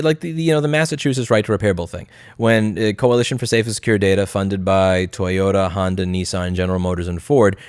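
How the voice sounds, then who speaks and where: A man's voice: on the low side, dry recording, studio quality. A man chatting casually on a live stream, blunt and profane, slipping into mocking impressions of others. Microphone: studio mic.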